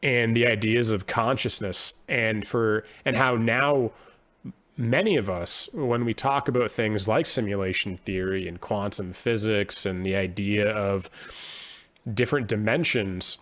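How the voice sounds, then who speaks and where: A man's voice: lowish voice, measured pace, a bit bright. A man speaking as a podcast guest, earnest and reflective, often restarting his sentences as he thinks aloud. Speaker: podcast guest, poet and musician. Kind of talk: conversational interview.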